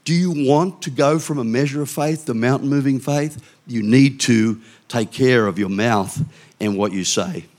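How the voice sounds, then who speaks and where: A man's voice: medium pitch, a little mellow. Older man preaching casually. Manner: conversational preaching with quick asides and restarts. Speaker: pastor. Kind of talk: sermon.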